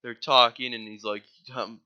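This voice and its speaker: Man, very bright tense voice, rambling casual recap, says like a lot, dull lo-fi sound. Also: mid-range voice, little pitch movement, normal speed. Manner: rambling, heavy use of "like", casual swearing. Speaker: movie reviewer.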